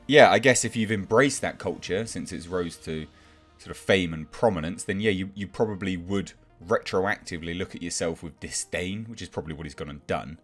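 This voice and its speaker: A deep-voiced man delivers a sarcastic, exasperated rant as a commentator, mocking and scoffing as he goes. Faint music sits quietly behind his voice. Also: fairly quick, few pauses. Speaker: YouTube film commentator. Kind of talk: ranting commentary.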